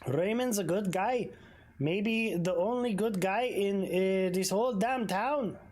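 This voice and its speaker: A woman voicing a male mechanic in a video game, who speaks halting, broken English mixed with Spanish words. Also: medium pitch, darkish tone. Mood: defensive.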